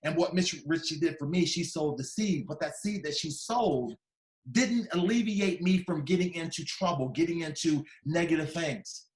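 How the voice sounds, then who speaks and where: A man's voice: a little high, expressive, normal speed, roomy sound. A man in his fifties from Ohio giving an emphatic motivational keynote, building his point through repeated phrases. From Dayton, Ohio, USA. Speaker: keynote speaker. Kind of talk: motivational storytelling speech. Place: large conference hall.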